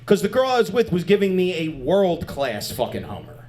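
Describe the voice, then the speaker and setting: A man doing stand-up comedy on a club stage, animated and crude, chatting with the crowd. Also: high voice, moderate pace.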